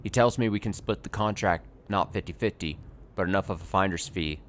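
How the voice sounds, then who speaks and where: Man voicing a smug game character, treacherous young guy, taunting, low voice. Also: a little fast, slight background noise, close to an everyday voice.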